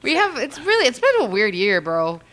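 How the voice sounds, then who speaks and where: Casting: male co-host, bright lively voice, teasing slangy delivery. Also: very high voice, a little fast. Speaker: podcast co-host. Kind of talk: casual comedic chat.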